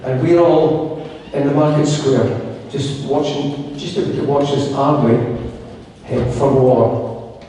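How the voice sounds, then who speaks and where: A Scottish man introducing his youth band's piece to a concert audience, telling a relaxed local story. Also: medium pitch, takes it slowly. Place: large concert hall with audience. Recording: echoey hall from far off, faint hiss.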